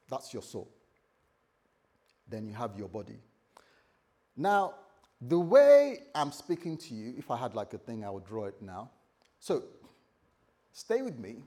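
Male pastor, mid-pitched, husky, animated sermon delivery with big loud-soft swings. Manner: lively, repetitive preaching with sudden loud and soft turns.

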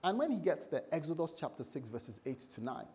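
A male pastor with a slightly high voice preaches fairly quickly in an animated sermon. He plays out the scripture's characters in different voices and cracks jokes on the side.

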